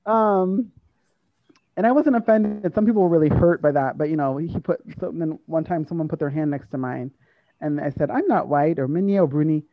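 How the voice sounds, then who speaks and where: A woman's voice: low-pitched, a little fast, no room sound, narrow, tinny audio. A woman telling stories in an interview, speaking with animation and acting out the dialogue. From United States. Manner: animated, acts out quoted dialogue, laughs often. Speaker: interview guest, university staff. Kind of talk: conversational storytelling.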